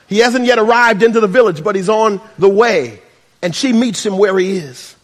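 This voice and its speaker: Male pastor preaching, very high voice, long hall reverb, shouts and hushed asides. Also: moderate pace. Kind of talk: sermon.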